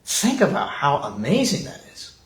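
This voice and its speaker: Chuckling pastor in a roomy church. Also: male voice, a little high, wildly swooping pitch, normal speed. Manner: conversational preaching with frequent chuckles. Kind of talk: sermon. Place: church sanctuary.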